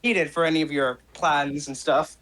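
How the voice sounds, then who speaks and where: A man voicing a cruel corporate villain who mocks a young hero in slow, contemptuous words. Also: a little high, steady tone, a bit bright, close to an everyday voice, poor audio. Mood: taunting.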